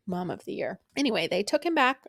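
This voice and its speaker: A woman's voice: mid-range voice, sing-song, fairly quick, no room sound, studio quality. A young woman hosting a podcast, telling a personal story in a casual, blunt and profane way, laughing along as she goes. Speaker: podcast host.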